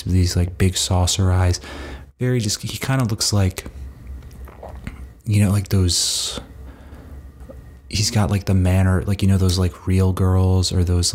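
A young man with a very low, gravelly voice tells a story in a loose, rambling way. His talk is crude and joking, and he fills it with "like" and restarts as he goes. He sounds like a casual comedy host riffing. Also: darkish tone. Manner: rambling and crude, heavy with "like" fillers.

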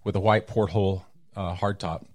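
Middle-aged Texan man, low voice, dry close mic, animated storyteller who acts out other people's lines. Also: moderate pace, dry recording. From Texas. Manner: animated, acts out quoted voices with big pitch jumps. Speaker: guest storyteller. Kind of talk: casual storytelling interview.

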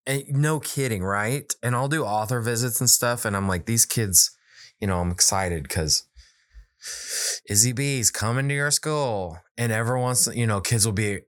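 A man's voice: mid-range voice, moderate pace, dry recording, clean studio sound. A man in his thirties, a children's book author, telling a story in casual conversation and acting out the quoted dialogue. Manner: animated, acts out quoted dialogue.

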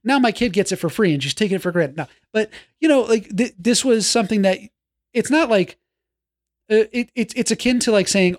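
A man in his forties co-hosting a podcast, chatty and animated, with restarts and playful jabs. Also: sits high, brisk. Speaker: podcast co-host. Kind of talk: casual chat.

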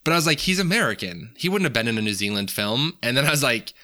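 A man's voice: medium pitch, big pitch swings, quick pace, pushed and bright. A man in his thirties chatting casually on a podcast, thoughtful and hedging, with many fillers. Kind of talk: casual chat.

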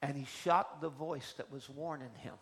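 A man preacher delivering an emphatic, deliberate sermon in a church. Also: fairly high pitch, steady tone. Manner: emphatic, slow and deliberate, swinging between soft and loud.

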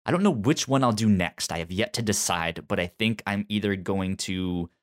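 A man hosting a casual video game podcast, talking in halting bursts with many restarts and frequent laughs. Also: deep voice. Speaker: podcast host. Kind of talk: casual chat.

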